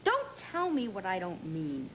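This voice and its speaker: A woman's voice: medium pitch, wildly swooping pitch, unhurried, a bit bright, a little hiss or hum, rough recording. An actress playing a bitter, sarcastic young woman who mocks and confronts her father in a daytime soap. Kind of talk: 1990s daytime soap acting.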